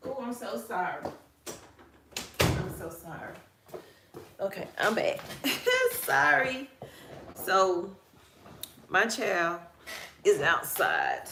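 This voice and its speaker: A woman's voice: fairly low pitch, creaky, pushed and bright, echoey room, a little hiss or hum. A woman with a Southern country accent, hosting a casual live-stream and chatting with viewers as she greets them one by one. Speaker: livestream host.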